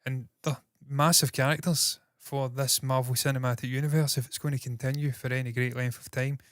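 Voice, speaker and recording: A Scottish man hosting entertainment news in casual solo commentary, talking fast with a slightly nasal voice, swearing freely and mocking himself. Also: mid-range voice, little pitch movement, a bit bright, no room sound, studio quality. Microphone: processed with equalizers, compression and noise gate.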